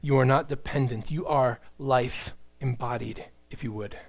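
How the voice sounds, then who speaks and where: A middle-aged man preaching a sermon, earnest and animated, with joking asides to the congregation. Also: medium pitch, normal speed. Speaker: pastor.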